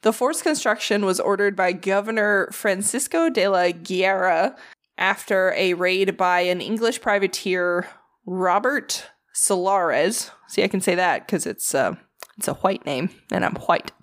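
A woman's voice: medium pitch, normal speed. A tired woman with a Southern accent, co-hosting a casual podcast, reading facts with swearing and jokes and tripping over names. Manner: profane, joking, stumbles over names. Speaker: podcast co-host.

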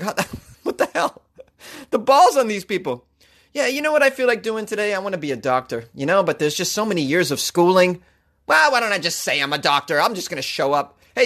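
A man's voice: high voice, fairly bright tone. A man with a thick Boston accent hosting a comedic news podcast, brash and joking, laughing as he riffs on stories.

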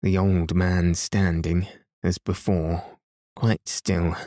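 Brief: low, mellow male narrator, calm bedtime reading, dry close sound. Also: no echo. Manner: calm, gentle, unhurried. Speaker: podcast reader. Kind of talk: slow, soothing bedtime story reading.

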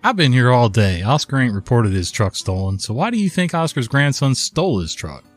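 A man's voice: medium pitch, very animated, fairly quick, soft background music. A man doing a baffled small-town sheriff. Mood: incredulous.

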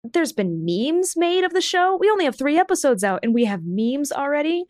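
A woman co-hosting a podcast in casual chat, frank and quick to laugh, swearing freely. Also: sits high, sing-song, a little mellow, no echo. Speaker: podcast co-host.

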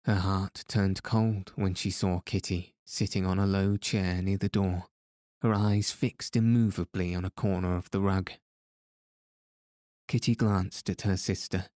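A man narrates an audiobook in a measured, even way. His voice is low and dark, his pace very slow, and the recording is dry and close. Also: dry recording. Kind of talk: scripted narration.

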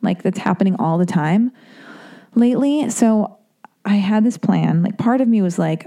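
A woman's voice: mid-range voice, expressive, moderate pace, mellow. A young woman hosting a podcast, telling a long rambling story in a casual, profane, self-mocking way. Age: young adult. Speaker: podcast host.

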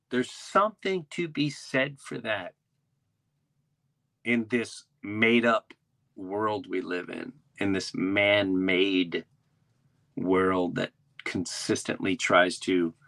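A man hosts a podcast and tells a rambling, animated story, often restarting his sentences. His voice is fairly low, gravelly and forceful. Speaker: podcast host and stand-up comedian.

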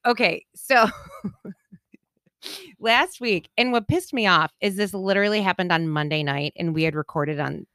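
A woman's voice: mid-range voice, expressive, a little slow, fairly bright tone, no room sound. A woman in her thirties, co-hosting a podcast, telling a long story in casual chat and acting out the people she quotes. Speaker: podcast co-host. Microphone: studio microphone.

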